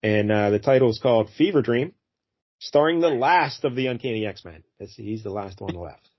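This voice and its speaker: A man's voice: medium pitch, animated, moderate pace, muffled recording. A man hosting a casual comic book review, talking in a rambling way with many fillers and restarts. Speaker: podcast host.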